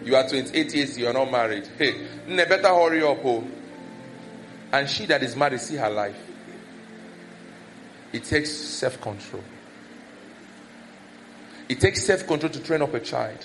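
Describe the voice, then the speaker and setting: A pastor with a Nigerian accent preaches a sermon against a noisy background, his medium-pitched voice at normal speed with long pauses. Animated, he acts out village gossip and scolding in a raised voice.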